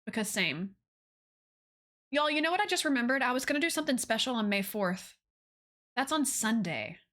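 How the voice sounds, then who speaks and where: A young woman, chatting casually with viewers on a live stream, bubbly and gushing. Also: normal speed. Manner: bubbly, gushing, swoops up high when excited.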